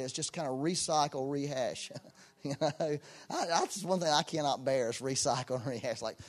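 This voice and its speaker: A man preaching a sermon in a folksy, emphatic way, with loud bursts and joking asides. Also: mid-range voice, animated, measured pace. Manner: folksy, self-deprecating asides.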